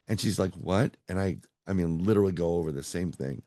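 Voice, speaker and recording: A man's voice: deep voice, brisk, few pauses, mellow, no room sound, clean studio sound. A middle-aged man, a psychic medium, telling a rambling story over a video call and acting out the other people's lines. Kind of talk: casual storytelling interview.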